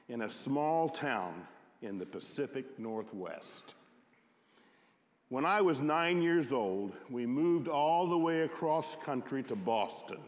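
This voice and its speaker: A man telling a first-person story aloud at a concert, in a slow, reflective way. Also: medium pitch. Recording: echoey hall.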